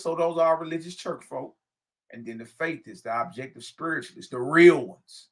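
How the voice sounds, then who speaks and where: A man's voice: fairly high pitch, moderate pace. A man reading a spiritual text aloud and preaching on it emphatically, repeating phrases and adding slangy asides. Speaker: spiritual teacher.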